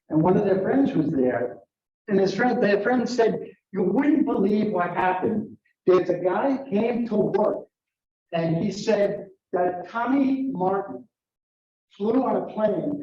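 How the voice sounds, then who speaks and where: Older man, storytelling speech, slightly high voice, heard from afar in an echoey room, dull sound. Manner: halting, with many fillers and restarts. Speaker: club speaker. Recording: dull, roomy, from a distance.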